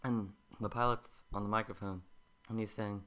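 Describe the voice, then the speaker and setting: A man quietly telling a story in a hushed, soft voice before playing a cover song. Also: on the low side, steady tone, normal speed. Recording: roomy echo with loud ukulele. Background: ukulele playing.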